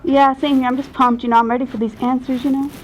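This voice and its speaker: A woman's voice: high voice, level tone, fast, a little hiss or hum, lightly acted, rough recording. A woman playing a spacey, slacker young pop star in a comedy sketch, rambling in a laid-back, slangy drawl. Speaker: celebrity guest parody.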